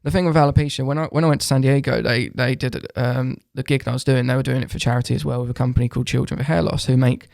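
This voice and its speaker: Guy co-hosting a podcast, gravelly voice, dry close sound, chatty and upbeat. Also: mid-range voice, steady tone, darkish tone, no room sound. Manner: chatty and upbeat, quick agreeing interjections. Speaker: podcast co-host. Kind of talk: casual chat.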